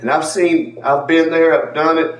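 Speaking at a normal speed in a fairly high, somewhat bright voice, a man offers a heartfelt testimony in church, repeating himself and naming people in the congregation. He's recorded from far off in the echoing sanctuary, with faint ambience and a little background noise.

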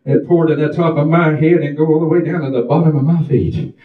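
Fervent older preacher, echoey church. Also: male voice, a little high, fairly even intonation, brisk, recorded from a distance, narrow, tinny audio. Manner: emotional, shouting hallelujahs and whoops between storytelling. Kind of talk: fervent testimony sermon. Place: church sanctuary.

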